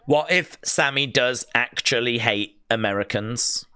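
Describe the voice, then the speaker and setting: A man hosting a live watch-along stream, reacting excitably to the action and reading out viewer chat messages. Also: mid-range voice, a little slow, clear, resonant tone. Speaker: livestream host.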